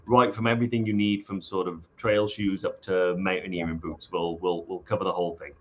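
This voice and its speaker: A man's voice: sits low, little pitch movement, brisk, a bit bright, highs cut off, slight background noise. Jokey man chatting on a live stream. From half Scottish. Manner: jokey, chatty, greets viewers by name. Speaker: co-host of a trekking company live stream. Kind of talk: casual live-stream chat.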